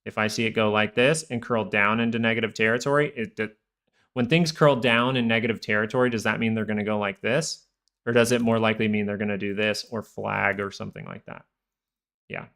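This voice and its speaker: A man's voice: fairly low pitch, steady tone, brisk, vocal fry, fairly bright tone. A young man hosting a live stock market stream, rambling through casual chart commentary full of fillers and goofy asides.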